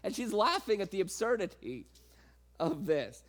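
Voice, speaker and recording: A man's voice: very animated, moderate pace. A man preaching a sermon, laughing often and playfully acting out the people in his reading. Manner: acts out quoted voices with sudden pitch jumps.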